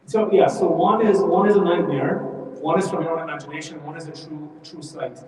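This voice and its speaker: A man with a high voice teaches a Quran study class at a brisk pace. He tells the story with energy and acts out the lines of the people in it. He is heard from far off in a mosque hall with a long echo. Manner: animated storytelling, acts out quoted speech.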